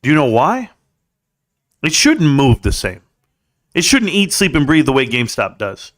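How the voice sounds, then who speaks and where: A man's voice: mid-range voice, very animated, normal speed, fairly bright tone. A man hosting a live stream, ranting in a blunt, combative way and swearing. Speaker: livestream host. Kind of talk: heated ranting commentary.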